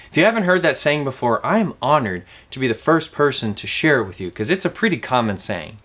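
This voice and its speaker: A young man teaching a children's ministry object lesson, telling stories to kids in a lively way. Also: on the high side, normal speed.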